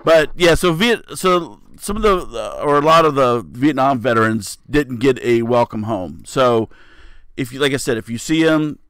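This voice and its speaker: A middle-aged man co-hosting a relaxed talk show, speaking at an everyday pitch. He rambles a bit with fillers and drops jokes along the way. The mic is close and dry, with no room sound. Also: moderate pace, dry recording. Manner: laid-back, joking, rambling with fillers. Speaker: podcast co-host. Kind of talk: casual chat.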